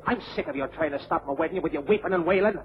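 An actor playing a defiant hotheaded Irish groom. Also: male voice, fairly high pitch, rapid-fire, background noise, lightly acted. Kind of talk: old-time radio drama acting. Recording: dull old radio recording.

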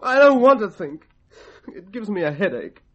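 A timid young man with no memory, who stammers and hesitates. His voice is high, husky and lively, heard on a dull, lo-fi old recording from a vintage radio drama. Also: moderate pace.

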